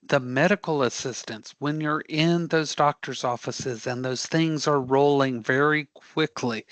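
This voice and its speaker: A man teaching a live career prep class, animated and joking as he quizzes the students. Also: fairly high pitch, no echo. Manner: animated, joking, audience-engaging.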